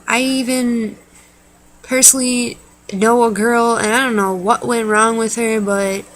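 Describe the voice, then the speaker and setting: A woman's voice: on the high side, fairly even intonation, a little slow, poor audio. A young adult woman ranting casually to camera, blunt and exasperated, swearing freely. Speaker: vlogger. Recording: faint background noise.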